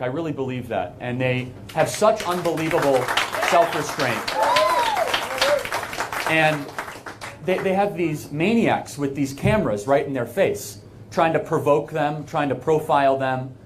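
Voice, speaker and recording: A man's voice: a little high, unhurried, some chatter behind, slight background noise. An American man giving an earnest, emphatic speech to a live audience, conversational and full of asides. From United States. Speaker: guest speaker. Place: event hall with an audience.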